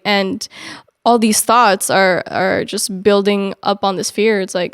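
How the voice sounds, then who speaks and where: A woman's voice: mid-range voice, fairly even intonation, a little slow, clear, resonant tone. Reflective young woman talking faith. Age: young adult. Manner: reflective, many fillers like "like". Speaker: faith podcast co-host. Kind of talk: casual faith discussion.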